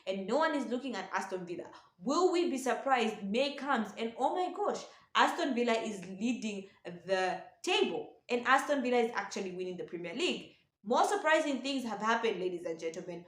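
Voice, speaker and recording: A woman hosting her own football channel, giving opinionated predictions in casual talk and often calling out to her viewers as ladies and gentlemen. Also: on the high side, reverberant. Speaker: football pundit host. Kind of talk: casual football commentary to camera.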